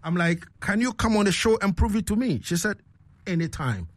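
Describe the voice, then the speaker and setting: A man's voice: high voice, a little fast, no room sound. A man with a Ghanaian accent hosting a casual radio show, reading out listener messages and laughing often. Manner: animated, laughs often, repeats "you understand me".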